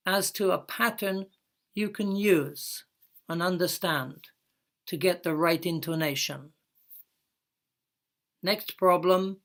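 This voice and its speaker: A woman giving a recorded English lesson, explaining step by step and stretching out her example phrases. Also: on the low side. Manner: slow, careful explaining with drawn-out example words. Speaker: English teacher.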